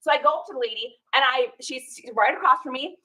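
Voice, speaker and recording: In casual chat, a reseller tells the story behind her garage sale finds, laughing and acting out the people she met with lots of animation. She speaks fast in a voice that sits high, and the recording is rough.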